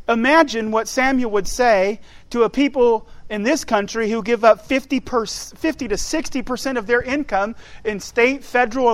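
A man's voice: sits high, no room sound, poor audio. A man preaching a sermon, emphatic, building in force as he presses his points.

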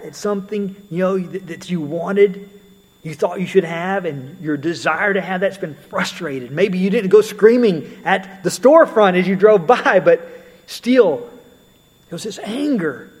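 A man with a somewhat high, husky voice preaching a sermon. He keeps it conversational and mixes in everyday stories. A long reverb of a large hall hangs on every word. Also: measured pace. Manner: conversational, storytelling asides with occasional fillers.

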